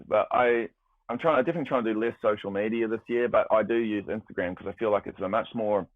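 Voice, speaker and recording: Deep new guy, rambly and animated, sounds like a dry phone line. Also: dry recording. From New Zealand. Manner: animated, rambling with restarts, swears freely. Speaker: guest, music producer. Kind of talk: casual chat.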